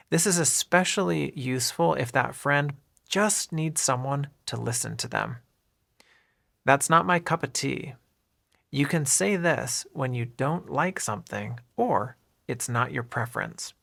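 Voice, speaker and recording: A man with a gravelly, creaky edge to his mid-pitched voice leads an English lesson. He speaks clearly and deliberately, modelling each phrase and pointing out how the words run together. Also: lively intonation, a bit bright. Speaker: English teacher. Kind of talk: scripted lesson narration.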